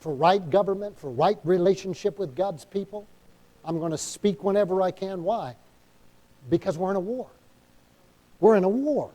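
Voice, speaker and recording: A male pastor with a New England accent preaches with a high, warm voice. He is emphatic, stops often for an amen, and acts out small dialogues as he goes. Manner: emphatic preaching, calls for amens; acts out quoted inner dialogue. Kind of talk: sermon.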